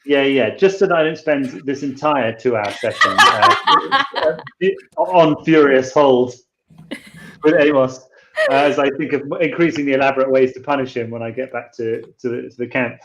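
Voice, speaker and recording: A man taking part in a tabletop roleplaying game, explaining what his character does with animated, joking asides. His voice sits at a middle pitch for a man. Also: normal speed, roomy sound. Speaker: player.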